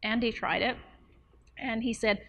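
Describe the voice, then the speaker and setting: A woman's voice: fairly high pitch, steady tone, a little slow, fairly bright tone, a little hiss or hum. A woman who talks to camera in a chatty, explanatory way, with playful asides and a ready laugh, as a nutrition coach. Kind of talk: casual talk to camera.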